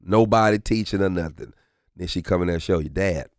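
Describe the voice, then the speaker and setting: Comedian guest, man, very low voice, dry close studio sound, animated storyteller. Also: fast, dry recording. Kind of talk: casual podcast chat. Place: podcast studio.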